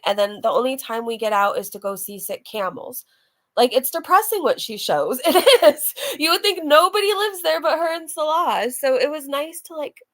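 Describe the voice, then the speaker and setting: A woman hosting a casual reaction channel, chatting to her viewers and laughing often. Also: on the high side.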